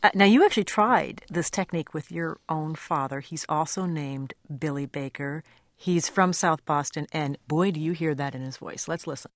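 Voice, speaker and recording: A low-voiced woman anchoring a radio news segment. She speaks in a measured, clear broadcast manner, introducing her guest and asking questions. Her voice is close and dry in the studio. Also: no echo.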